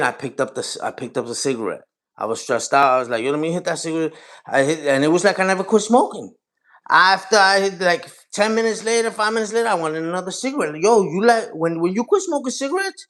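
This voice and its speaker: A man's voice: a little high, fairly bright tone. A man in his forties hosting a livestream, talking casually and profanely straight to his chat, rambling from point to point. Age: 40s. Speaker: livestream host.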